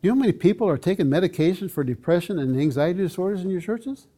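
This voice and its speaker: A man's voice: sits high, animated, very fast, warm tone. An older man, a pastor, giving an earnest, emphatic teaching talk to a church audience, with frequent asides to his listeners.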